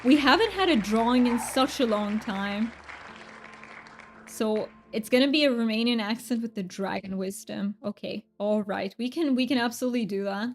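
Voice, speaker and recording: A woman's voice: a little high, moderate pace, some chatter behind. A woman livestreaming a cozy game, chatting with her viewers in a bubbly, upbeat way and laughing often. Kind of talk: casual live-stream chat.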